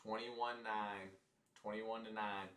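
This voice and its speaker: A man with a fairly low voice talks through a live football game in a loose, chatty way, reacting to each play as it comes. His voice bounces around a roomy, echoey space. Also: level tone, slow pace, a bit bright. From United States. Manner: loose, chatty, reacting to plays, mock ad reads. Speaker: host of a live football watch-along stream.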